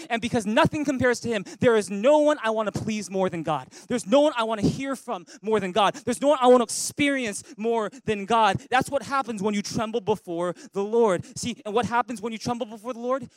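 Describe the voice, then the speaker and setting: High-voiced animated male preacher. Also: dry recording, low-quality recording. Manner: animated preacher who acts out worried voices and leads call-and-response. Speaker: pastor. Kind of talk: sermon. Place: church sanctuary.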